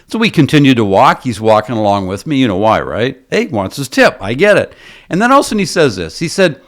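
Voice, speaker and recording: A male business coach tells a story in a motivational talk. His voice sits at an ordinary middle pitch but swings up and down with a lot of life. He keeps asking his listeners rhetorical questions. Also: very animated, fast talker.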